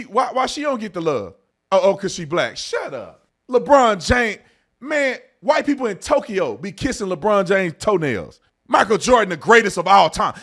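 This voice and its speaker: A man hosting an online commentary video, ranting heatedly and swinging between shouting and low muttering.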